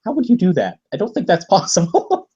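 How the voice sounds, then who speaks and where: A man's voice: high voice, huge pitch swings, a little fast, mellow, husky, dull audio. A man co-hosting a casual podcast, speaking animatedly and laughing often. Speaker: podcast co-host.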